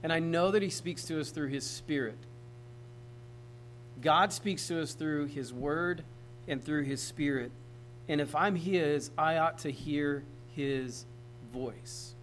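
Man, pastor, preaching a sermon, slightly high voice, chatty, faint hum behind. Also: slow, low-quality recording. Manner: conversational, talks straight to the congregation.

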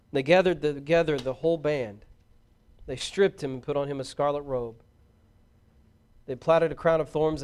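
A man giving a solemn, measured formal scripture reading. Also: fairly high pitch, darkish tone, clear, resonant tone. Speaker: scripture reader.

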